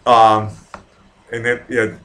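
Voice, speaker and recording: A man's voice: fairly low pitch, completely flat delivery, slow, a bit bright. Rambling, profane man with a Boston accent. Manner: rambling, profane, chatty with viewers. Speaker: live stream host. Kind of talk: casual live stream chat. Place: home in Vienna.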